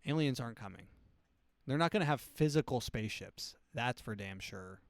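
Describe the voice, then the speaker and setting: A man's voice: mid-range voice, lively intonation, normal speed, dry recording. A man hosting his comedy show, talking in a loose, profane, rambling monologue. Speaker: comedy podcast host.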